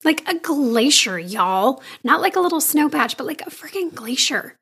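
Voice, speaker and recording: A young woman telling her own story to viewers in an earnest, confiding way, often dropping into soft near-whispers. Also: high voice, lively intonation, normal speed, creaky. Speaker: vlogger.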